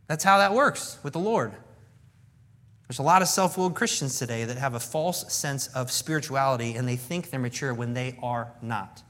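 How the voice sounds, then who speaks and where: A male pastor preaching a sermon in an animated way, acting out dialogue from scripture. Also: fairly high pitch, moderate pace.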